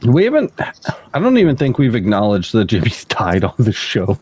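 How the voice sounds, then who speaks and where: A man's voice: fairly low pitch, wildly swooping pitch, normal speed, darkish tone, slight background noise. A man hosting a casual podcast, talking in a dry, matter-of-fact way. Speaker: podcast host. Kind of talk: casual chat.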